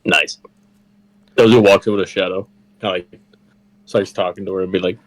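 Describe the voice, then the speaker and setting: A man's voice: sits low, fairly even intonation, fairly quick, pauses often, low-quality recording. A man in a tabletop game, talking casually and hesitantly with a lot of "like". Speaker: player. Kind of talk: tabletop role-play.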